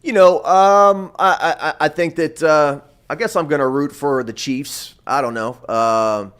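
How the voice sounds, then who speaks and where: A man's voice: a little high, a little slow, fairly bright tone, smooth. Rambling man, stop-start sports talk. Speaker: sports reporter guest. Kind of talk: casual sports radio chat.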